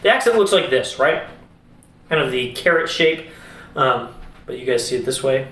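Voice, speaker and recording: A young man giving a casual video music lesson, relaxed, explaining as he demonstrates on his instrument. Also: medium pitch, moderate pace. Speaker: music teacher. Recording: echoey room.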